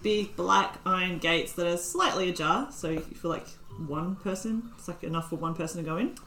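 A woman's voice: lowish voice, moderate pace, fairly bright tone, echoey room, a little hiss or hum, rough recording. A woman running a tabletop game as game master, describing scenes to the players.

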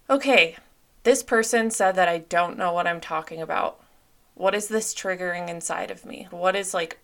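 A young adult woman with a lowish, slightly bright voice hosts a self-help podcast. She speaks openly and earnestly, with her talk full of fillers.

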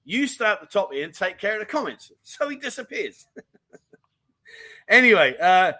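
A man hosting a casual livestream, chatty and animated, reading out viewer comments with plenty of slang. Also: high-pitched, moderate pace. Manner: chatty and animated, full of mate and diamond geezer slang. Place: home in Thailand.

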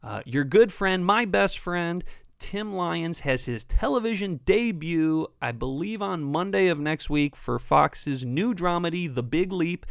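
Man, podcast co-host, joking banter, slightly high, gravelly, dry close sound. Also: animated, a little slow, dry recording. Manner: joking, self-deprecating banter. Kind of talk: casual comedy podcast chat.

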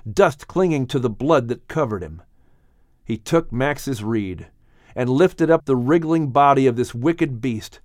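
A man narrating a dramatic audiobook story on a studio mic in an expressive, unhurried way. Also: mid-range voice, no echo.

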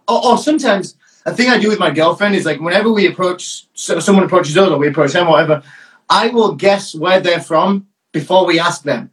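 A high-voiced man with a northern English accent talks in a loose, chatty way. He is a DJ on a casual podcast, playful and quick to joke. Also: a bit bright, low-quality recording. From England.

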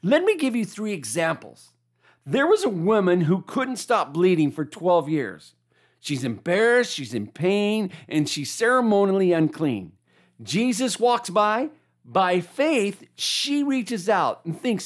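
A preacher delivering a sermon, animated, asking listeners to repeat key lines back. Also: medium pitch, takes it slowly.

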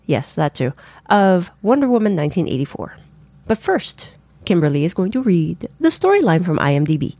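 Upbeat lowish-voiced woman co-host. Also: big pitch swings, warm tone, dry recording. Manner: upbeat, leads segments, quick reactions. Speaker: podcast co-host. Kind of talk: casual chat.

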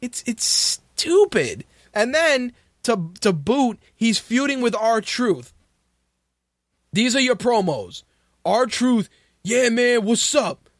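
A man's voice: very high-pitched, big pitch swings, slow, no echo, studio quality. A man hosting a radio talk show, ranting in casual, profane commentary and sounding exasperated. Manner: ranting, exasperated, swears freely.

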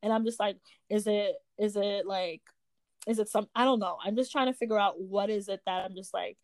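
A woman's voice: medium pitch, fairly even intonation, brisk, a little mellow, dry recording. A young woman in casual conversation, talking in a searching, hesitant way with many restarts. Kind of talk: casual chat.

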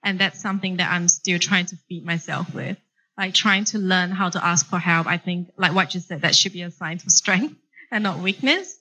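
A woman's voice: lowish voice, normal speed, sharp tone, rough recording. Reflective, hesitant woman on a panel. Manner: reflective, hesitant, self-searching. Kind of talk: live panel discussion.

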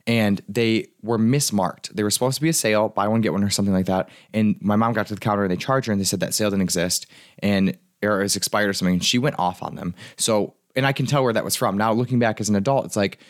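A man's voice: on the low side, fast. A man in his twenties hosting a podcast as a life coach, talking earnestly in a rambling way with many fillers and restarts. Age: 20s. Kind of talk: casual podcast monologue.

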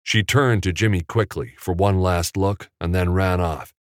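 A man reading an audiobook chapter in a measured, even storytelling manner. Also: low-pitched, no echo. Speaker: audiobook narrator. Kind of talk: scripted audiobook narration. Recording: dry, close.

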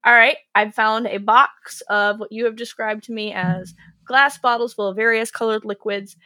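A woman game master telling tabletop stories in casual chat, animated and quoting her players. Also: on the high side, no room sound. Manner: animated, quotes players in lively voices. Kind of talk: casual podcast storytelling.

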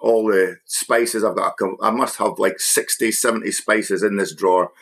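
A man with a fairly low voice chats casually as a guest. He reminisces in a halting, stop-start way, often repeating himself before the thought comes out. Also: steady tone, vocal fry, fairly bright tone. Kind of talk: casual conversation.

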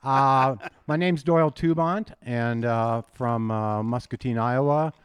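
An older man in his seventies from South Dakota, a guest on a podcast, talks in casual chat. His voice sits mid-range and sounds close and dry. He pokes fun at himself, halting with fillers. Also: medium pitch, clean tone, no echo. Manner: good-humoured, self-deprecating, halting with fillers.

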